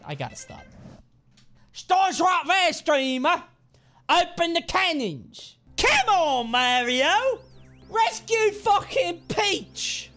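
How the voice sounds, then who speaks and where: A man voicing a pushy male backseat gamer with a put-on accent who barks loud, bossy coaching. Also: extremely high pitch, very animated, slow, faint music behind, pitched above the performer's own voice, exaggerated voice.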